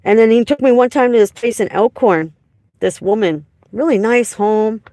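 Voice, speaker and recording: A woman's voice: a little high, moderate pace, warm tone, dry recording, studio quality. Blunt, rambling woman in her forties. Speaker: livestreamer. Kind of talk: casual livestream storytelling.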